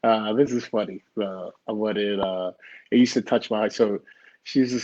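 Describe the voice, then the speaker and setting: Gravelly middle-aged man telling his story. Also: on the low side, moderate pace. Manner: animated, acts out the dialogue. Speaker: guest. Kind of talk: personal storytelling in an interview. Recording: dull lo-fi recording.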